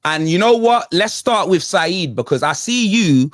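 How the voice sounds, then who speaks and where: A high, wildly swinging male voice, ranting about football on a panel. He fires off slang-laden complaints in a restless rhythm. The sound is dry and close, with no room around it. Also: unhurried, dry recording. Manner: animated ranting with London slang. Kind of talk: heated football banter.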